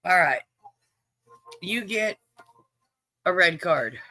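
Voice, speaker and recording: A man's voice: high-pitched, expressive, drawn-out words, sharp tone. A man hosting a livestream game, chatting in a folksy way and greeting viewers by name. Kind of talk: casual livestream chat, reading viewers' names.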